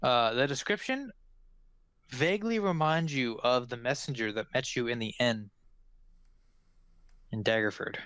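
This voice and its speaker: Game master, male, mid-pitched, rambling descriptive narration with lots of fillers. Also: a little slow, long pauses, fairly bright tone, no echo. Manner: loose and rambling, with many fillers. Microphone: podcast microphone.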